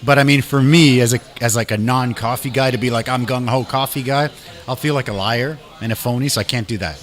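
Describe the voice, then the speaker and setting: A man talking as a guest in a casual chat, a lively storyteller who acts out dialogue and drops in "man" and "dude". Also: medium pitch, brisk. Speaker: guest musician and restaurant owner.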